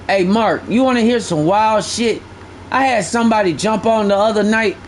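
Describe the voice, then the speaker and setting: High-pitched male game streamer, casual, profane, animated storyteller. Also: moderate pace, a little hiss or hum. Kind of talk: casual live-stream chat.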